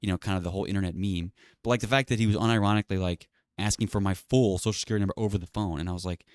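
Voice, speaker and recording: A man's voice: fairly low pitch, fairly even intonation, very fast, clean tone, no room sound, clean studio sound. A man talking in a casual solo monologue, rambling and sarcastic, with lots of fillers and swearing. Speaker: channel host.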